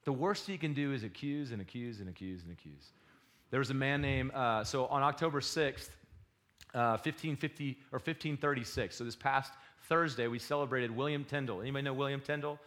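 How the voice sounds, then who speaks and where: A man preaching a sermon, swinging between loud exhortation and quiet confession. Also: mid-range voice, fairly quick. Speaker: pastor.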